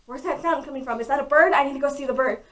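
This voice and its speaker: A woman voicing an excitable young male dog who keeps darting after smells and sounds, in distracted, eager chatter. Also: high voice, rapid-fire.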